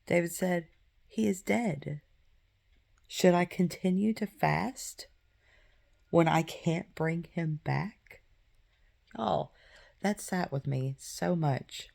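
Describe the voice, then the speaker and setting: A woman's voice: lowish voice, slow pace, gravelly, long pauses, darkish tone. A woman in her thirties, hosting a faith podcast and retelling a Bible story in casual talk, with many fillers and asides. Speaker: podcast host.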